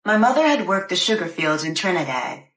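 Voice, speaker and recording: A woman reading a first-person novel aloud in a measured, deliberate way. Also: lowish voice, very animated, fairly bright tone. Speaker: narrator. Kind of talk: scripted first-person audiobook narration. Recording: roomy echo.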